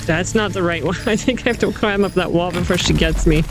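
A woman giving an excitable, panicky let's-play commentary, laughing and gasping as she plays. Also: mid-range voice, moderate pace, hardly any pauses. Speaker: gaming channel host. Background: game music.

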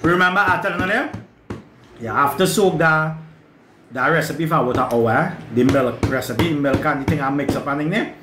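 A man's voice: a little high, normal speed. A man with a Trinidadian accent hosting a home cooking show, teasing and laughing through casual kitchen banter. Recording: echoey room with background noise.

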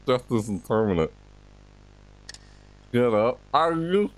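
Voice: mid-range voice, sing-song, normal speed, husky. Shrieking, panicky horror-game player. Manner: panicky, yelps and shrieks, repeats "oh my god". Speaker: gaming channel host. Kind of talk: horror game let's play commentary. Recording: game music loud under the voice. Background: loud tense game music.

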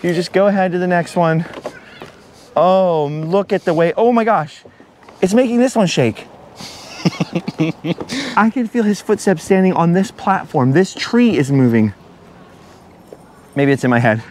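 Jittery, breathless middle-aged man, slightly high voice. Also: unhurried, long pauses, darkish tone, slight background noise. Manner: jittery and self-mocking, laughs often, repeats himself. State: breathless from nerves. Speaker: travel vlogger. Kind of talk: nervous chatter to camera while walking a treetop trail. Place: outdoors on a high forest canopy walkway.

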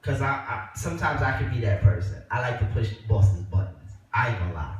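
A man hosting a casual talk show, giving joking advice in an animated way and laughing often. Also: medium pitch, brisk, a little hiss or hum. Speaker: host. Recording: echoey room from far off.

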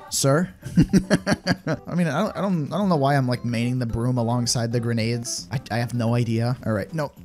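A man's voice: medium pitch, fairly quick, a little mellow. A young man giving casual, rambling gameplay commentary, joking at his own expense and getting exasperated with the game. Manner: rambling, jokey, self-mocking, easily exasperated. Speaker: gaming YouTuber. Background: game background music.

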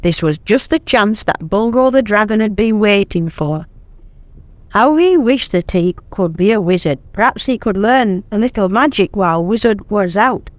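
An older woman reading a children's story aloud in a gentle, expressive way, recorded at home on tape. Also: mid-range voice, normal speed, no echo.

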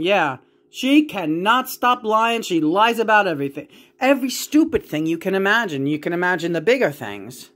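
A woman's voice: mid-range voice, sing-song, normal speed, a bit bright. A woman venting in a casual home video, frustrated and profane, rambling with many restarts. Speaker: vlogger.

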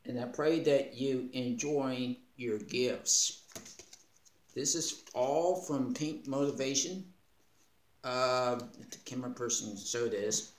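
A man in a casual unboxing vlog, laughing often and talking with gentle, grateful feeling. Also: mid-range voice. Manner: slow, warm-hearted, laughing often, moved near tears. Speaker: vlogger. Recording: echoey room with faint noise.

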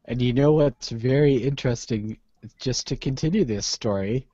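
A Canadian man co-hosting a casual beer podcast, laid-back and unhurried. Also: mid-range voice, mellow, no room sound. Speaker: podcast co-host. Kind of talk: casual chat over beers. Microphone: video call. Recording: dry muffled online call.

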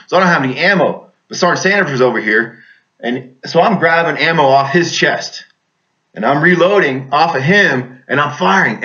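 A man's voice: medium pitch, bright, forceful tone, dull audio. A man, an army veteran, telling a combat story in vivid, intense casual speech, often restarting his sentences.

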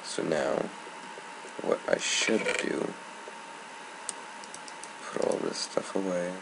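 A man's voice: deep voice, takes it slowly, creaky. Young man, gamer commentary, annoyed and rambling, noisy background hiss. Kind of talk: casual gameplay commentary. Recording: noisy home recording.

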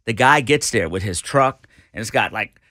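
Middle-aged male radio storyteller; bright tone, close and dry, acts out every character. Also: on the low side, moderate pace, dry recording. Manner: animated storyteller, acts out voices. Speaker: radio host guest. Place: radio studio.

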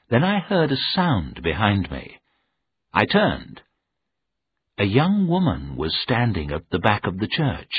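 A man reading a graded-reader novel aloud as scripted narration, in a measured, plain storytelling manner. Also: lowish voice, huge pitch swings, slightly rough, no room sound. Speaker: audiobook reader. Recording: narrow phone-like sound.

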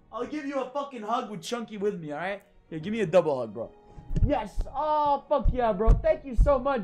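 A live game streamer chatting with viewers, excitable and profane, often shouting in disbelief. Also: sits high. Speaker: livestreamer. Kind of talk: live gaming stream chat.

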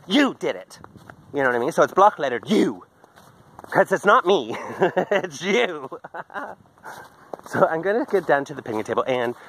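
A man's voice: mid-range voice, fairly bright tone, rough recording. An open, talkative man keeps up a meandering video diary as he strolls outdoors, his phone held close. His voice sits in a middling range, and a faint hiss runs under it. He wanders between topics and laughs at himself. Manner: candid, chatty, drifts off topic, laughs a lot. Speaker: video diarist. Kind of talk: rambling walk-and-talk video journal. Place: outdoors on a daily walk in a park. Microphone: handheld phone.

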